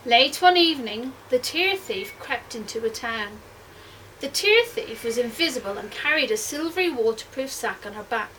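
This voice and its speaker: Woman, teacher reading a children's book, expressive, high voice, mic set back. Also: normal speed, far from the mic, a little hiss or hum, low-quality recording. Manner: expressive, hushed at suspense. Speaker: primary school teacher. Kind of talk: reading a picture book aloud.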